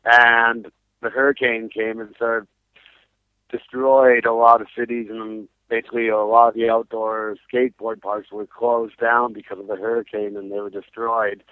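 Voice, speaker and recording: Animated man on a tinny phone line. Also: medium pitch, normal speed, no room sound. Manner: animated storyteller, laughs often, acts out quotes. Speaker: punk band singer, interviewee. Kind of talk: phone interview, casual storytelling.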